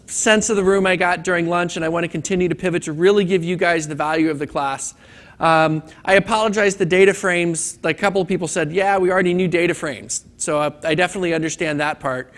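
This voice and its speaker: A man's voice: high voice, fast, fairly bright tone. A man teaching a hands-on data class at a conference training session, talking casually to the room and telling a corny joke. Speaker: training instructor. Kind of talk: classroom lecture.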